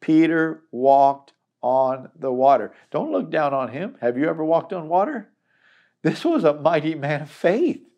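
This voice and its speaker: A man's voice: medium pitch, warm tone. A middle-aged man teaching a Bible chapter in a conversational, earnest way, acting out the people he quotes.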